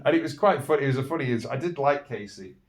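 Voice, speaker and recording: A British podcast host tells candid, rambling stories about his own childhood, with frequent restarts and chuckles. His voice is medium-pitched and lively at a quick pace. He's far from the mic in an echoey room.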